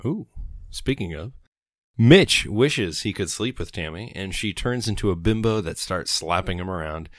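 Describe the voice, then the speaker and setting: A man's voice: low voice, animated, normal speed, no room sound, studio quality. A man co-hosting a podcast, reading out a plot summary with the odd laugh. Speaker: podcast co-host.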